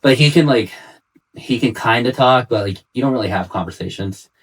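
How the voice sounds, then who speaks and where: A man's voice: mid-range voice, brisk, breathy edge, poor audio. A man and father in a casual podcast chat, telling stories in a loose, rambling way full of fillers. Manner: rambling storyteller, heavy use of "like".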